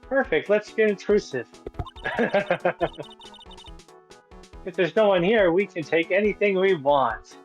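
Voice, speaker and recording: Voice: mid-range voice, slow, long pauses, lightly acted. A cheerful teenage girl medium from a visual novel game, read aloud by a player, bouncy and a little clumsy with her words. The sound is dull and lo-fi, with faint music behind. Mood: playful. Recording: dull lo-fi audio.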